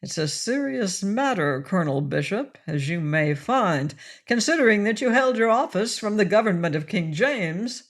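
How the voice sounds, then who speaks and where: A woman's voice: medium pitch, animated, moderate pace. A woman reading an audiobook, voicing an elegant little colonial lord who speaks dryly and with formal authority.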